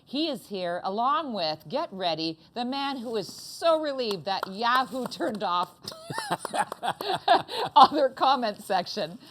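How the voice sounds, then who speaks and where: A woman's voice: fairly high pitch, sing-song, fairly bright tone, a little hiss or hum. A woman from Canada hosting an interview show from a music club, cracking jokes and teasing her guests in playful banter. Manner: joking, teasing, quick quips. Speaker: talk show host.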